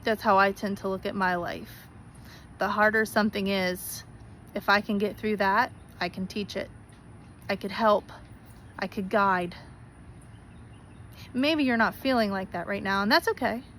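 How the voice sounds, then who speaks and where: A woman's voice: medium pitch, a bit bright, a little hiss or hum, low-quality recording. A woman speaking straight to her viewers in an earnest, pleading way, repeating herself for emphasis. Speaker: spiritual vlogger. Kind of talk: heartfelt direct-to-camera talk.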